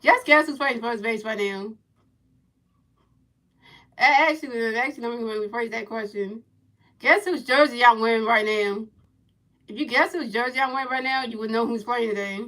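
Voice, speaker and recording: A woman livestreaming a baseball video game, giving playful play-by-play commentary, teasing her chat with repeated questions and sing-song pitch calls. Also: moderate pace, pauses often, sharp tone, poor audio. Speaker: gaming livestreamer.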